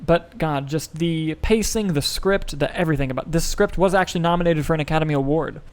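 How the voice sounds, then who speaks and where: Excitable young man, higher-pitched. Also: fairly quick, clean tone. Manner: excitable, swearing, emotional swings in pitch. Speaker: podcast co-host. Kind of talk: casual chat.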